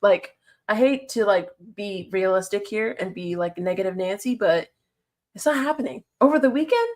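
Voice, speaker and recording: A woman's voice: medium pitch, animated, moderate pace, a little mellow. A woman chatting casually on a livestream, answering her chat and laughing often.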